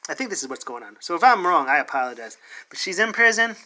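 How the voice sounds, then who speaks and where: Man, comic reviewer, sarcastic, exasperated, bright voice, casual. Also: high voice, sing-song, fast talker. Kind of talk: casual review, reading aloud.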